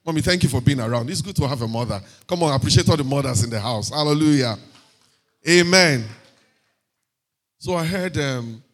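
A man with a Nigerian accent giving a sermon testimony in church, lively and sprinkled with hallelujahs and pidgin asides. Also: mid-range voice, a little fast, pauses often. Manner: lively, punctuated by frequent hallelujahs and amens. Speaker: preacher sharing a testimony.

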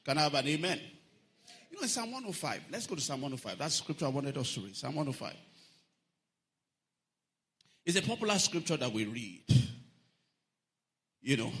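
A man preaching a lively sermon, often lifting his voice into a sing-song and asking the congregation whether they are following. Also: fairly high pitch. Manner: animated preaching, sing-song emphasis, asks the congregation questions.

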